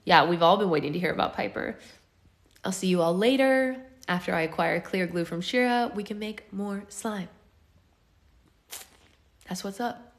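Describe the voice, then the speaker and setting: A woman's voice: mid-range voice, normal speed, pauses often. A woman hosting a live book club, reading a novel aloud and chatting casually with her viewers. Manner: casual, chatty between chapters. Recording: echoey room.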